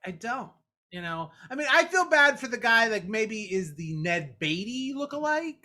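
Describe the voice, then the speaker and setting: A man co-hosts a casual podcast, rambling through his points with plenty of ums and jokes. His voice is bright and swings widely up and down as he talks. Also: high-pitched, big pitch swings, moderate pace. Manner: rambling, joking, full of fillers. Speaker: podcast co-host. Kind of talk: casual chat.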